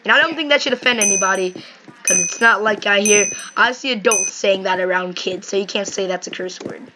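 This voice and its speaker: A woman chatting casually and rambling excitedly while playing a game. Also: mid-range voice, brisk. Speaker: gaming video host. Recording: noisy home mic recording.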